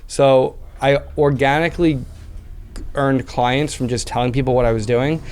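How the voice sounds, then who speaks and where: Man, 30s, podcast guest, smooth resonant voice, animated casual storytelling, lots of fillers. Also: medium pitch, normal speed. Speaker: podcast guest, business owner. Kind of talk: casual interview chat.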